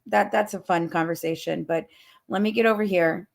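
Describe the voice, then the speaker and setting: Woman, low-pitched, profane, fiery, casual livestream rant, sleepless. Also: steady tone, brisk, creaky. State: has not slept. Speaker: livestream host.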